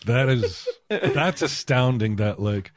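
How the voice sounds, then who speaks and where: A man's voice: medium pitch, expressive, takes it slowly. A man co-hosting a casual podcast chat, throwing in dry jokes and short questions. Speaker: podcast co-host.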